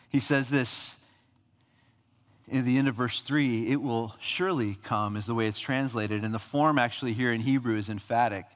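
A man's voice: medium pitch, normal speed, a bit bright, in a large hall. A man preaching a sermon, earnestly acting out God and the prophet in dialogue. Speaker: pastor.

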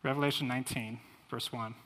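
A man's voice: medium pitch, steady tone, brisk, sharp tone. A man preaching a sermon as a missionary, earnest and fervent, reading scripture aloud with rising force. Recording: long hall reverb.

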